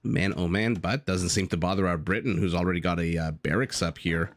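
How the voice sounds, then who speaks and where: Speaking fairly quickly in a low voice, this man casts a live strategy game. His manner is chatty and easygoing, with casual swearing and plenty of stories shared with viewers along the way.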